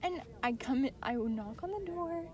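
A woman's voice: high voice, expressive, normal speed, warm tone. A young woman telling a story to friends in a casual chat.

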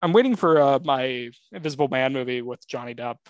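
A man's voice: mid-range voice, expressive, brisk, no echo. A man co-hosting a casual pop-culture podcast, rambling through his points with lots of filler words and plenty of fan enthusiasm. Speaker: podcast co-host.

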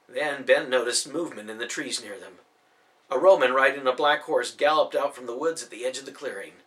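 A man reading a fantasy story aloud as scripted narration, with expressive storytelling. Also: medium pitch, brisk. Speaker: audiobook narrator.

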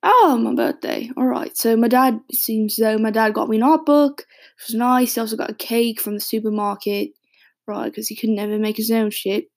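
Woman playing a gravelly British smoker man. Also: fairly high pitch, steady tone, moderate pace, natural voice. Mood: wistful, rambling. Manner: hesitant, rambling, many restarts. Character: raspy adult male smoker reading his childhood diary. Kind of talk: audio drama monologue.

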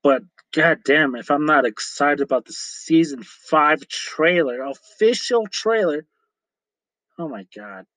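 A man's voice: fairly high pitch, expressive, takes it slowly, a bit bright, dry recording, poor audio. A man hosting a casual solo podcast on a phone mic, rambling, swearing freely and laughing often. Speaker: podcast host. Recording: dry phone recording.

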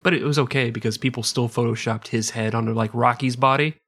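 A man's voice: medium pitch, fairly even intonation, fast talker, fairly bright tone. A man co-hosting a comedy podcast, reacting with jokes and frequent laughter. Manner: laughing, joking asides and mock voices. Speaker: podcast co-host. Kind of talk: casual comedic podcast banter.

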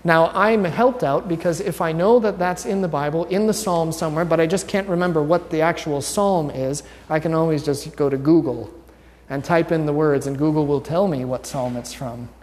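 A pastor in a church sanctuary gives a conversational teaching sermon, quizzing his congregation in a wry, informal way. His voice is fairly high and a little mellow, at a moderate pace, and the recording carries a long church reverb.

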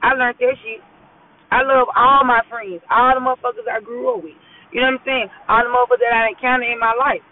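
A woman's voice: on the high side, steady tone, quick pace, a crowd in the background. A woman talking casually while driving to work, giving a blunt, profane motivational talk and often asking "you know what I'm saying". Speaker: podcast host. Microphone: phone. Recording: tinny phone-quality voice message.

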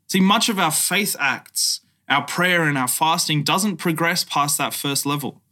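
Male pastor, fairly high, bright and forceful voice; relaxed conversational sermon with playful asides. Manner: conversational preaching with laughs and acted asides.

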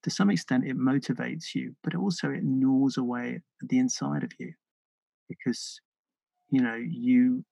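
British man with a gravelly, dry voice. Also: mid-range voice, steady tone, mellow, dry recording, low-quality recording. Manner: earnest, thoughtful, halting with many restarts. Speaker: podcast guest. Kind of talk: reflective interview conversation.

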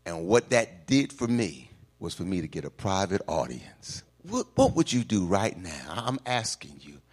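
A man preaching a call-and-response sermon, climbing into shouts at the peaks and then dropping low and quiet, in a church sanctuary. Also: big pitch swings, measured pace. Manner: whoops and shouts at climaxes, then drops low.

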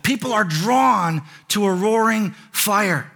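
A man's voice: high-pitched, expressive, slow pace, vocal fry, pushed and bright. A man preaching a sermon as pastor, conversational in tone and building to emphatic repeated lines.

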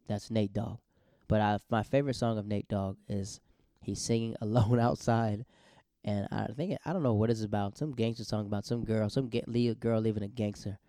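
A man hosting a solo podcast, talking in a rambling, self-correcting way with sudden bursts of excitement. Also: on the low side, moderate pace, no room sound. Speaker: podcast host.

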